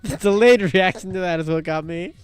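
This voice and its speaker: A woman guest on a let's-play, telling rambling stories and teasing the player with deadpan remarks. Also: fairly low pitch, fairly quick, smooth, dry recording, soft background music. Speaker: guest co-host. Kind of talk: casual let's-play banter.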